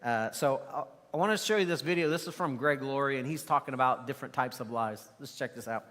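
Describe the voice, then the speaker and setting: A man preaching a sermon in a relaxed, conversational way, with the odd filler word. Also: mid-range voice, fast. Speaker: pastor. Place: church sanctuary. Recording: reverberant church hall.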